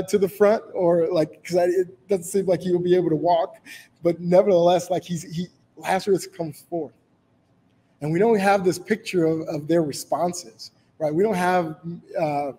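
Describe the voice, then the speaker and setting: A man's voice: fairly high pitch, mellow, a little hiss or hum, low-quality recording. A man leading a Bible study in a casual, informal way, reading scripture aloud and rephrasing it with many fillers.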